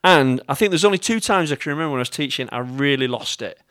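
An English man preaching a sermon, with a voice pitched a little high for a man. He speaks to his congregation directly and tells stories in a chatty way, with humour aimed at himself. The recording is dry, with no room echo. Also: lively intonation, fast, fairly bright tone, clear, resonant tone. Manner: chatty storytelling with self-mocking humour. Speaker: pastor.

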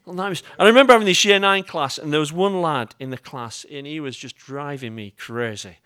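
An English pastor preaches a sermon, addressing his congregation directly and telling stories with self-mocking humour. His fairly high, clean voice is brisk and sharp, recorded in a clean studio with no echo.

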